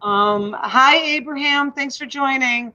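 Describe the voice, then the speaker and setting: A woman's voice: high voice, takes it slowly, bright, forceful tone. A woman chatting casually during a live online sale, stumbling and repeating words as she goes. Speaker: livestream seller. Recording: muffled livestream audio.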